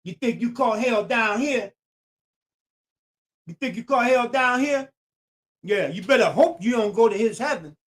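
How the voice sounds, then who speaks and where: High-voiced man preaching on a live stream. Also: expressive, a little slow, pauses often, a bit bright. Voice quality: repetitive, preacherly emphasis, repeats phrases. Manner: talks straight at viewers and greets them by name. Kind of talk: casual live-stream talk to viewers.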